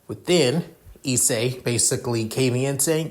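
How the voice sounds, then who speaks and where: A man's voice: mid-range voice, measured pace. A man reading his own fan story aloud in a loose, rambling way. He leans on filler words and drops casual curses as he goes. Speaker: narrator.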